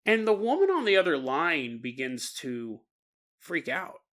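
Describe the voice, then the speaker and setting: A podcast host telling an eerie story in a loose, casual manner and breaking into chuckling asides. His voice is bright and forceful, with a lively, animated pitch. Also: unhurried. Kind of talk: storytelling narration.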